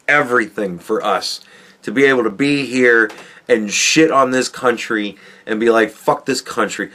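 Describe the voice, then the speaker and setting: A man's voice: medium pitch, a bit bright. A man hosting a podcast, ranting casually with rambling, profane asides and frequent chuckles. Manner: rambling, swearing, chuckling often. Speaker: podcast host.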